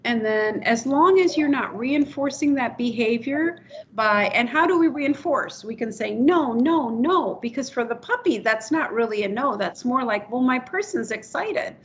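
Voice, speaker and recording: A woman's voice: fairly high pitch, expressive, moderate pace, fairly bright tone, a little hiss or hum. A woman hosting a video call webinar, giving chatty, practical advice to puppy raisers. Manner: chatty, acts out people's voices when explaining. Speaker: puppy development staff host. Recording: muffled video call audio.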